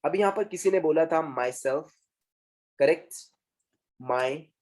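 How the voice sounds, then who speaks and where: Young male communication trainer, Indian English accent, rapid delivery mixing English and Hindi, drills key points. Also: on the high side, darkish tone. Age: 20s. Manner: mixes English and Hindi, repeats for emphasis. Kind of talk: classroom English lesson.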